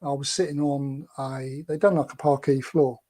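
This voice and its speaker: A man's voice: mid-range voice, flat delivery, moderate pace, dark tone. A man telling anecdotes as a guest, chatty and rambling with lots of fillers. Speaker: guest, former film extra.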